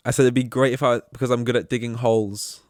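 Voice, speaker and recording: A man's voice: mid-range voice, a little mellow, dry recording, clean studio sound. A man hosting a solo podcast, rambling and self-deprecating, swearing as he acts out awkward conversations. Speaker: podcast host.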